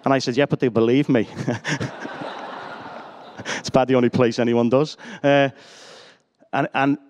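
A man's voice: medium pitch, fairly even intonation, normal speed, a little mellow, a little hiss or hum. A middle-aged man, preaching a sermon full of personal stories and self-deprecating jokes. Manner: chatty, self-deprecating, joking asides.

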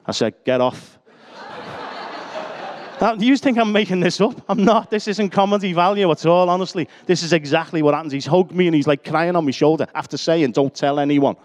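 A man's voice: a little high, fairly even intonation, brisk. Middle-aged guy preaching, chatty, cracks jokes at himself, rambly stories. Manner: chatty, self-deprecating, joking asides. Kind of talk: sermon with personal anecdotes.

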